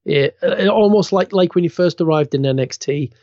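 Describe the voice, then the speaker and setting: A man's voice: a little high, moderate pace, darkish tone, dry recording, lo-fi sound. A man co-hosting a wrestling podcast, chatting with stumbling restarts and laughing at his own jokes. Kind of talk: casual chat.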